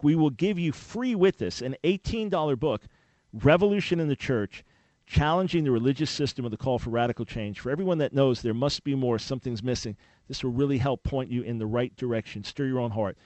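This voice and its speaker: A man hosting a call-in radio talk show, speaking in an emphatic, animated preaching style with sudden loud peaks. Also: mid-range voice, no room sound.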